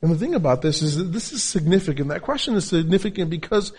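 A man's voice: on the high side, lively intonation, fast, few pauses, darkish tone, slightly rough. A pastor preaching a sermon in English, his second language, with a non-native accent and emphatic, repetitive phrasing. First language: not English.

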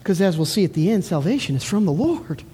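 A woman's voice: fairly low pitch, big pitch swings, quick pace, mellow, breathy edge. A woman preaching a sermon in an earnest, emphatic way, repeating words as she builds her point. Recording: reverberant hall.

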